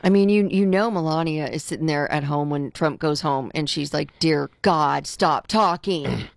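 A woman co-hosts a call-in radio show in a casual, opinionated chat. She sounds exasperated and tends to repeat herself for emphasis. Her voice sits a little low, recorded close and dry. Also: steady tone, fairly quick, gravelly, darkish tone, no echo. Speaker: radio co-host.

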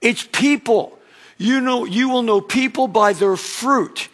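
A man preaching a conversational sermon as a pastor, telling stories and acting out quick bits of dialogue. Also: very high voice, a bit bright. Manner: conversational preaching with acted-out anecdotes.

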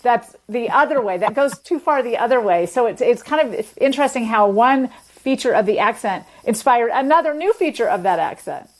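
A woman's voice: fairly high pitch, lively intonation, normal speed, few pauses. A woman talking as a linguist guest in an interview, explaining terms fluently in a lecturing way.

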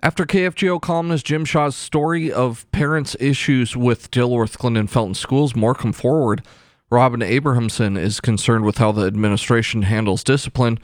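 A man reads the local news on the radio in a steady, clipped cadence. His voice sits close and dry on a studio mic, with a mid-range pitch. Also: moderate pace, dry recording. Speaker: news anchor. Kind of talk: radio newscast.

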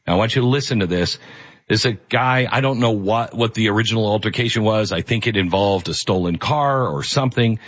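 A man's voice: fairly low pitch, a little fast, highs cut off. A male host giving earnest, emphatic opinion commentary.

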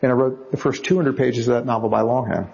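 Brief: gravelly male author, dry self-mocking storyteller, somewhat dull recording. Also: mid-range voice, fairly even intonation, quick pace, darkish tone. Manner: wry, self-deprecating humor. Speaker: novelist, interview guest. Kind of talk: anecdotal storytelling.

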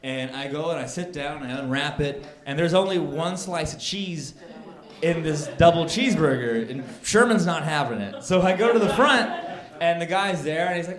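A man doing stand-up comedy, telling a story with animated, exasperated rants to a live audience. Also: on the high side, normal speed. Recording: roomy live club sound, crowd audible.

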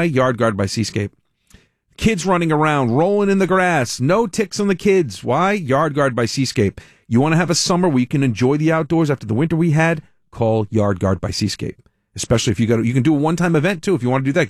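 A man's voice: on the high side, no echo, studio quality. A man hosting a talk radio show who talks in a rambling, chatty way, repeats himself and stops to correct himself mid-sentence. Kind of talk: rambling live ad read.

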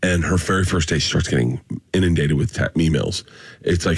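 Animated storytelling comedian. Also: male voice, low-pitched, quick pace, slightly rough, no room sound, studio quality. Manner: animated, acts out quotes in funny voices. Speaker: comedian guest. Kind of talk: casual podcast storytelling.

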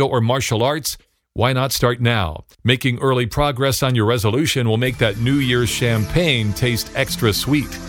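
A man's voice: medium pitch, dry recording, clean studio sound. A man reading a scripted daily radio report with practical tips.

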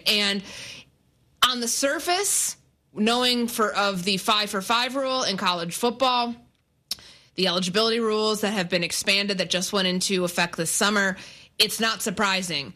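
A woman filling in as host on a sports radio show, teasing her co-host in brisk banter and reading news updates with care. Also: mid-range voice, sharp tone. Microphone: studio microphone.

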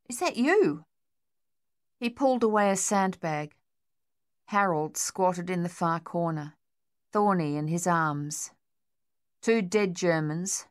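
Woman narrating a war story, lowish voice. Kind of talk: audiobook narration.

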